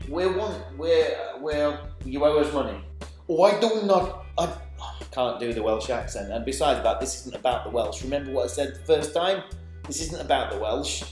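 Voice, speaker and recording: Ranting man in his forties. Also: mid-range voice. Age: 40s. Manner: swearing, stammering restarts, heated and sarcastic. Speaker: vlogger. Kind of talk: angry ranting monologue. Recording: echoey room with faint music.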